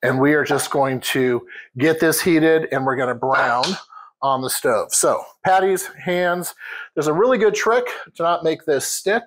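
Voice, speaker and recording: A man's voice: on the high side, unhurried, a little hiss or hum, low-quality recording. A man hosting a home cooking demonstration in a kitchen, chatting casually and addressing viewers as guys.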